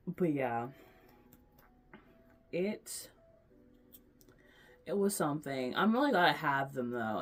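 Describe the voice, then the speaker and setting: Young woman vlogger, low voice, rambling, chatty, affectionate. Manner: rambling, chatty, lots of fillers and restarts; gushing, affectionate. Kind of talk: casual chat.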